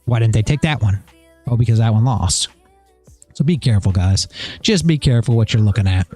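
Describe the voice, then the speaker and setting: A man's voice: lowish voice, expressive, a little fast, mellow, soft background music. A middle-aged man hosting a trading livestream, talking casually in a blunt, rambling way, repeating himself and swearing.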